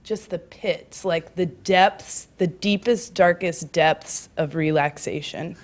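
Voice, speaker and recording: A young woman performing a stand-up comedy set at a live club, rambling and self-mocking with frequent giggles and fillers, bursting into loud, high-pitched quoted voices. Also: slow pace, very noisy.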